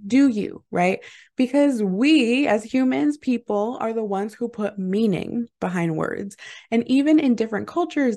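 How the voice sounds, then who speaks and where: Her voice is on the high side and mellow. Hosting her own podcast as a mindset mentor, this woman chats casually through a motivational monologue, full of "like" and "right?", staying upbeat, encouraging, and quick to laugh.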